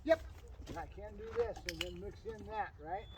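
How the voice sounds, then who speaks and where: A man's voice: high voice, moderate pace, recorded from a distance, heavy background noise. A man working as a dog trainer, explaining a training session outdoors while praising his dog. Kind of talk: casual training demonstration. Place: outdoors on a property.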